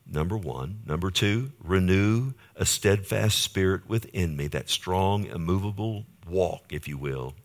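A pastor preaching a sermon, building to emphatic bursts, reading scripture slowly and asking the congregation "Amen?". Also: male voice, low-pitched.

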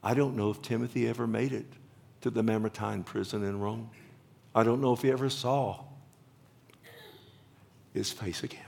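Gravelly-voiced passionate preacher man. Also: medium pitch, fairly even intonation, fairly quick. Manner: passionate, swings from loud exclamations to hushed whispers. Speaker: pastor. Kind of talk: sermon.

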